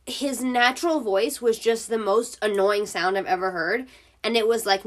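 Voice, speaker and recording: A woman talks through her own podcast at home in a loose, chatty manner. She swears often and pads her sentences with filler words. Her voice sits in an ordinary middle range. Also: mid-range voice. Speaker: podcast host. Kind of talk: casual solo podcast storytelling.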